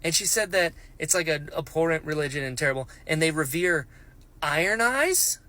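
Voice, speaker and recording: A man's voice: fairly high pitch, fairly quick. A man casually reacting to a fantasy novel he is reading, enthusiastic and chatty. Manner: enthusiastic, animated, many fillers. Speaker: book vlogger. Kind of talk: casual book reaction vlog.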